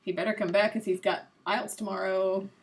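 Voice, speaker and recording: Playing a quiz game on her live stream, a young adult woman chats casually, guesses out loud, and pokes a little fun at herself. She speaks a little fast in a mid-range voice with little pitch movement, and there's slight background noise.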